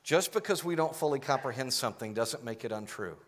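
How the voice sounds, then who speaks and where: A man's voice: medium pitch, animated, brisk. Conversational male pastor preaching. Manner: conversational, asks the congregation to answer aloud. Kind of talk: sermon.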